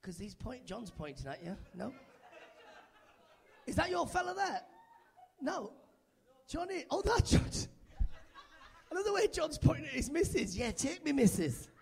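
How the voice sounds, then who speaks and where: A man's voice: extremely high pitch, sing-song, unhurried, gravelly, long pauses, darkish tone. A man doing live stand-up on a club stage, teasing the crowd in chatty, playful banter into a handheld mic. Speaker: stand-up comedian.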